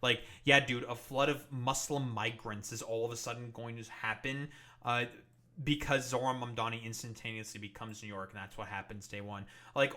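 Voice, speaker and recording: Furious swearing streamer, bright voice. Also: male voice, mid-range voice. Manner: angry, swearing, many fillers. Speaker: political streamer. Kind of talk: profane reaction commentary.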